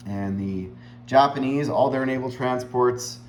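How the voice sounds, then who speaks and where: A man's voice: mid-range voice, a little slow. A man talks through a strategy board game round in an easy, explanatory way, pointing things out on a map and leaning on fillers as he goes. His voice sits in a middling register. The recording is roomy and echoey, with a faint hum underneath.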